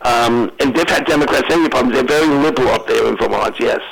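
A man's voice: medium pitch, fast talker, gravelly, crowd noise, rough recording. A man talking as a radio guest in casual chat, musing and thinking aloud.

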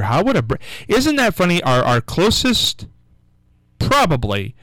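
A man hosting a call-in radio quiz show, coaxing callers with repeated questions and reading out the phone number slowly. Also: a little high, a bit bright, no room sound, low-quality recording. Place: radio studio.

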